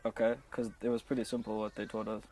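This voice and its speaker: A man's voice: on the low side, level tone, quick pace, a little mellow, poor audio. A man as a student in a first-aid class, giving short laid-back answers and jokes. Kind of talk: casual class banter.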